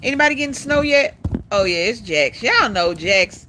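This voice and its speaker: Chatty woman livestreamer, bright voice. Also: on the high side, lively intonation, moderate pace, a little hiss or hum. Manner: chatty, talks to viewers as y'all; sing-song coaxing to her dog. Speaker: livestream host. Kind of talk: casual livestream chat.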